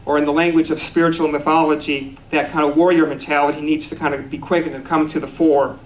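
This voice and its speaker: A man's voice: a little high, little pitch movement, fast talker, poor audio. A man giving a conversational sermon at a spiritual center, easygoing and self-deprecating, with restarts and small laughs.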